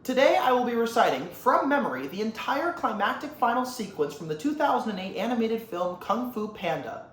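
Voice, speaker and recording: A vlogger excitedly retelling a film scene, rambling and swearing for laughs. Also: medium pitch, brisk, hardly any pauses, echoey room. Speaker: comedy vlogger.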